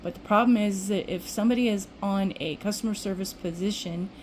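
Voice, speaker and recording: A woman's voice: medium pitch, brisk, a little hiss or hum, rough recording. An older woman vlogging, telling a rambling everyday story in casual chat with restarts. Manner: chatty, rambling, with restarts and acted-out quotes.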